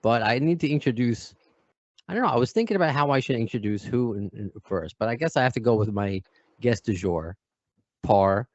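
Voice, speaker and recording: A man's voice: medium pitch, lively intonation, a little fast, dry recording, highs cut off. A man with a New York accent hosting a podcast, chatty and self-deprecating as he chats with his guest. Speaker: podcast host. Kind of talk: casual interview chat.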